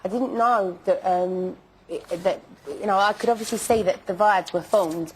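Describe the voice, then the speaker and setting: A woman's voice: medium pitch, normal speed, a little hiss or hum, low-quality recording. A young woman being interviewed, stammering and repeating herself as she insists on her apology. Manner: stammering, repeats words, emphatic denials. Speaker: interview guest.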